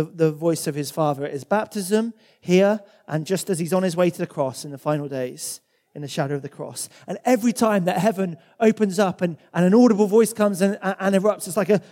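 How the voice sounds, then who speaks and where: A man's voice: high-pitched, warm tone. A man preaching a sermon in a conversational way, often repeating words as he goes. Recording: long hall reverb.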